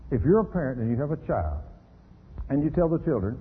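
Husky preacher on tinny radio. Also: male voice, mid-range voice, fairly quick. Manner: animated, rhetorical questions, acts out quoted voices. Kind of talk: radio sermon. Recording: tinny phone-like radio broadcast with reverb.

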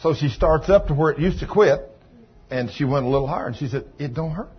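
A man preaching a sermon, telling healing stories in a folksy way that moves from hushed retelling to loud praise. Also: fairly high pitch, fast, husky. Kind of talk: sermon storytelling. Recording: dull lo-fi recording with faint noise.

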